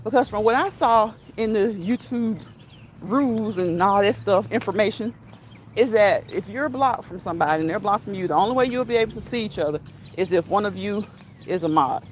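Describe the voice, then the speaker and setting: A woman's voice: mid-range voice, animated, brisk, a little hiss or hum. A woman hosting a casual live stream while walking outdoors, chatting with her viewers, laughing often and reading the chat aloud. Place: outdoors on a neighborhood walk.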